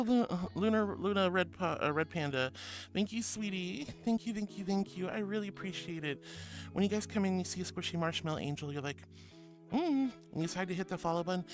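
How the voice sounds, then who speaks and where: A woman streamer in casual live chat, sweetly gushing as she reads out chat messages and greets viewers. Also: fairly low pitch. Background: music.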